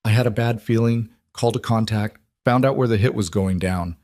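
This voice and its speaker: A man voicing a sharp, urgent woman combat trainer in an audio crime story, giving warnings. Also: fairly low pitch, a little fast, dry recording, clean studio sound, close to an everyday voice.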